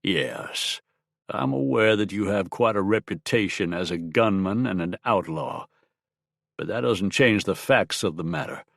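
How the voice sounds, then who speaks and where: A man voicing a stern, scheming army colonel in an audiobook, with a sharp, strident, clipped delivery. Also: deep voice, lively intonation, vocal fry, no room sound, clean studio sound, heavily acted. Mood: cold. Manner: cold, clipped, deliberate. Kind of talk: audiobook character voice.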